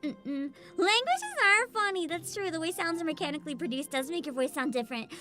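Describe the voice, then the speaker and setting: Bubbly high-voiced woman streamer. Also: fairly quick, over music. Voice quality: high, youthful-sounding voice. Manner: animated, bubbly, swears and laughs often. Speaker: VTuber streamer. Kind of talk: casual livestream chat with viewers.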